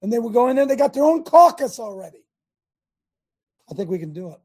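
A man's voice: very high voice, very animated, brisk, a little mellow, slightly rough. An older American man hosting a talk show, rallying listeners in a rambling, preachy monologue with many restarts.

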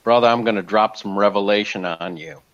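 A man's voice: fairly low pitch, a bit bright, no room sound. Brief: fervent man, mid voice, dry dull recording. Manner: fervent, quick, preachy. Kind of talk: casual preaching chat.

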